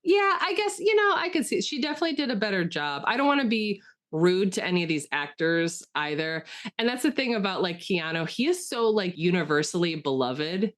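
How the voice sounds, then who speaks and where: A woman's voice: medium pitch, big pitch swings, a little fast, fairly bright tone. A woman co-hosting a podcast, talking enthusiastically about a film in casual chat with lots of fillers. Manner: chatty, enthusiastic, with frequent fillers and restarts. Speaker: podcast co-host.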